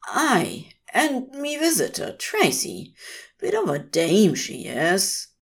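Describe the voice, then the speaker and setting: A woman voicing a gruff, plain-spoken old Scottish shearer who uses dialect words. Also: medium pitch, huge pitch swings, takes it slowly, heavily acted.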